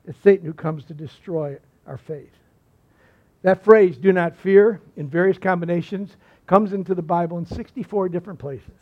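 High-voiced man preaching a folksy sermon. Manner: folksy storytelling with repeated phrases and asides. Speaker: pastor. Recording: slightly muffled recording.

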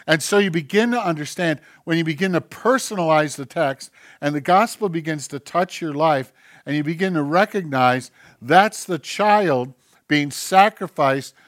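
A man preaching a sermon, moving between loud, emphatic passages and low, hushed ones, and reading scripture slowly and deliberately. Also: dry recording, clean studio sound. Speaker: pastor.

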